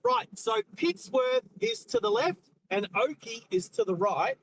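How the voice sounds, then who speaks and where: An Australian man hosts a live stream from his car, chatting casually with viewers while driving and jumping to point out roadside sights. His voice is very high, creaky, a bit bright and unhurried, with huge pitch swings; the recording is rough, with a little hiss or hum.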